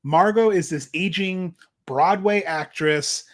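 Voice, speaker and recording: A young man with a slightly high voice co-hosts a podcast. He talks in a lively, animated way and keeps slipping into put-on voices to act out what others said. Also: takes it slowly. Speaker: podcast co-host. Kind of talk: casual chat.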